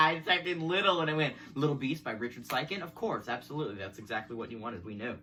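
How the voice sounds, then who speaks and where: A young man with a bright, tense tone and a mid-range voice, talking casually to his viewers. He is chatty and self-deprecating and laughs often, and later he reads poems aloud in the same easy manner. A faint hum sits under his voice. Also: mid-range voice, expressive, fairly quick, hardly any pauses. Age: young adult. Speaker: vlogger. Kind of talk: casual vlog chat and poem reading.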